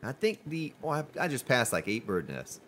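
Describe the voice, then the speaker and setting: Lively-voiced man streaming a game. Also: medium pitch, normal speed. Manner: chatty, jokey, talks to viewers. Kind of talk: live gameplay commentary.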